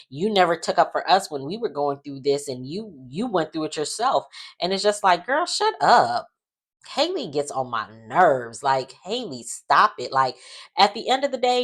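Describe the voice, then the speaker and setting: A woman, casually recapping a soap opera in a chatty, sassy way with lots of fillers. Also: very deep voice. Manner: chatty, animated, sassy asides with many fillers.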